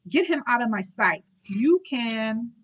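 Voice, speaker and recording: A woman's voice: fairly high pitch, expressive, slow pace, a bit bright, heavily acted. A woman voicing a cruel, imperious old male duke with a cold, taunting manner while reading a novel aloud.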